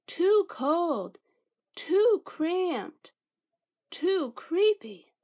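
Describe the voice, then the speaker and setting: A tiny house mouse squeaks in a high, bright voice, as a woman reading aloud puts him on. He is fussy and easily thrilled, and his pitch leaps up and down. It is a small storybook creature with a quick, excited manner. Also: heavily acted.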